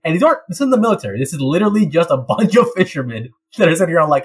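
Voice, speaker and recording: A young man in casual chat, telling a story with lots of laughs and quick put-on voices. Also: a little high, slight background noise, low-quality recording. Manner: animated storytelling, laughs often, slips into voices.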